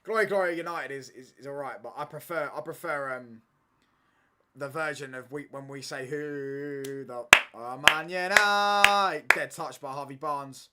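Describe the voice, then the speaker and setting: A man's voice: mid-range voice, normal speed, pushed and bright, slight background noise. A young man, chatting casually through a football watchalong stream in slangy banter, ending lines with "mate" and "bro".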